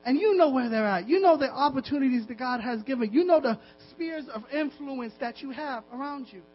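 A man's voice: very high-pitched, expressive, brisk. A man preaching a sermon as a pastor, exhorting his listeners with insistent repetition. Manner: impassioned, repetitive exhortation with laughs. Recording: dull lo-fi recording with mains hum.

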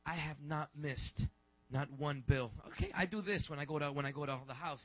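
A man in his twenties, a pastor, preaching in a rambling, conversational way that builds into shouts. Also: fairly high pitch, fairly quick, hardly any pauses, no echo. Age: 20s. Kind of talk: sermon. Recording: dull lo-fi recording.

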